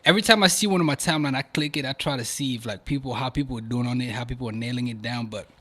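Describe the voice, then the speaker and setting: A young man from Africa hosting a podcast, chatting casually to viewers in animated slang. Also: mid-range voice, racing. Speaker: podcast host. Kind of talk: casual video commentary.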